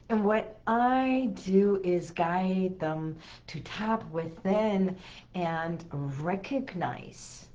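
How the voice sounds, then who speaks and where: A hypnotherapist woman giving an inspirational talk to camera, speaking slowly and soothingly with gentle emphasis and repetition. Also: medium pitch, lo-fi sound. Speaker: hypnotherapist and healing coach.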